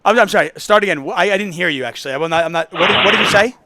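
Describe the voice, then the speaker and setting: A man's voice: high-pitched, rapid-fire, sharp tone, no room sound. A man hosting a casual call-in poker podcast, telling stories in a chatty, rambling way. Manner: chatty, storytelling, self-interrupting. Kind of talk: casual solo call-in show talk.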